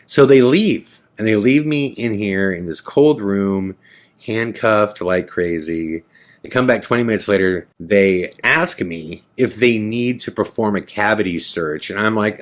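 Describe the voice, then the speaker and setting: A deep-voiced man tells a story from his own life, with a lot of drama in it. He acts out what each person said as he goes, and his voice sits low the whole time. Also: normal speed. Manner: dramatic storytelling, acting out quotes. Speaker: podcast host.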